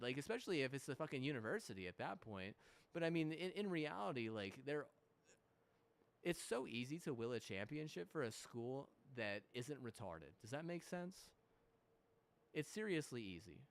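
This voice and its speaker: A young man talking casually while playing a game, swearing a lot and restarting his sentences. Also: medium pitch. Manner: heavy swearing, frequent restarts and fillers; mocking mimicry of apologies. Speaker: gamer. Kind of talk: rambling gaming commentary.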